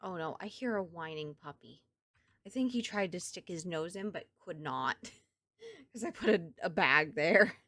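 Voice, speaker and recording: A woman's voice: on the low side, lively intonation, measured pace, fairly bright tone, no room sound, studio quality. A woman with a Southern US accent streaming a game, chatting casually with her viewers and thinking aloud as she plays. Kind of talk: casual gameplay chat with viewers.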